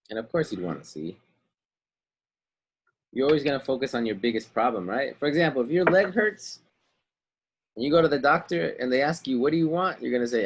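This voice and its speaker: A man's voice: medium pitch, fairly quick, pauses often, slight background noise, poor audio. A man teaching a Bible lesson over a video call, retelling the story casually in everyday slang. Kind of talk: online Bible class lesson.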